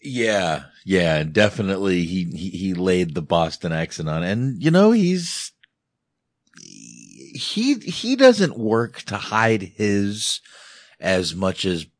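A man hosting a film podcast in an animated, casual way, laughing and swearing as he talks. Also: low-pitched, slow, dry recording, clean studio sound. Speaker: podcast host reviewing a film. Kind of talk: casual chat.

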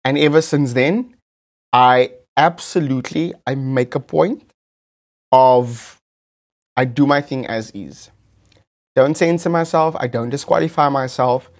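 A South African man hosting a podcast, telling a story with camp flair and lots of repeated phrases. His voice sits at a middling pitch. He talks casually and with animation. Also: a little slow. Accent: South African English. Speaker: podcast host.

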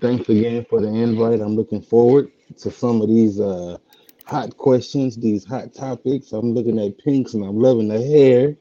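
Laid-back man with very dark voice. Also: medium pitch, fairly even intonation, moderate pace. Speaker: guest. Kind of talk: casual podcast chat. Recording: dull lo-fi audio.

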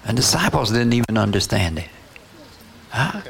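A man preaching slowly and deliberately, his voice carrying a gravelly edge. He keeps checking in with his congregation through short "Huh?" and "Yes?" prompts between points. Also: mid-range voice, expressive, a bit bright, a little hiss or hum. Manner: call-and-response preaching, frequent "Huh?" and "you know". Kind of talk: sermon.

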